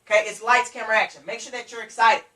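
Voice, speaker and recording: A bright, forceful coaching voice that drives each point home, repeating and speaking straight to the audience. The voice sits back from the mic, and the room around it rings with echo. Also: mid-range voice, little pitch movement, fast talker, far from the mic. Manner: emphatic, repetitive, coaching directly to listeners. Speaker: business trainer. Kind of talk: motivational sales coaching.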